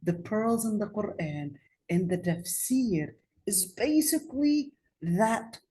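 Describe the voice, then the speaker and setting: A woman's voice: mid-range voice, very animated, slow, dark tone. A woman giving a religious studies lesson, talking conversationally and putting questions to her class. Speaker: Islamic studies lecturer. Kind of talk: classroom lecture.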